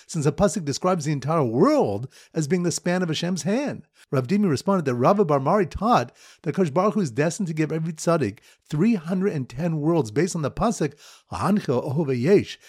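A man's voice: breathy edge, dry recording, clean studio sound. A man reviewing Talmud pages with playful mnemonic stories, jumping his voice up and down as he tells them. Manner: lively storytelling with sudden pitch jumps. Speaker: Talmud teacher.

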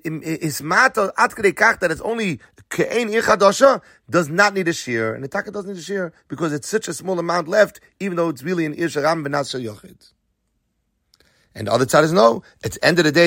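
A man's voice: sits high, pushed and bright, dry recording, clean studio sound. A man teaching a Talmud lesson, reading Aramaic phrases and then explaining them in English, posing questions and answering them himself.

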